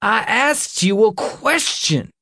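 A man's voice: sits high, sing-song, takes it slowly, sharp tone, no echo, studio quality, pitched above the performer's own voice, exaggerated voice. A male narrator voicing a furious heavyset woman who shrieks crude accusations at her man in an audiobook. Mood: furious shrieking.

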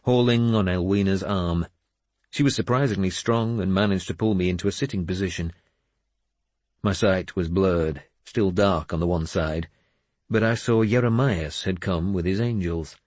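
A man narrating a first-person audiobook in a measured, expressive way on a close studio mic. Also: low voice, dry recording.

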